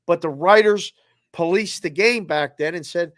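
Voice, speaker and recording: A man's voice: high-pitched, normal speed, a bit bright, dry recording, studio quality. A man co-hosting a sports betting show, a former bookmaker, talking in a rambling way with stammered restarts. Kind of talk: casual sports debate.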